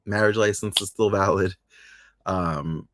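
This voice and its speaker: A man's voice: deep voice, fairly even intonation, measured pace, noisy background. A man co-hosting a podcast, chatting casually and laughing often as he recaps soap opera episodes and quotes the characters playfully. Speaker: podcast co-host.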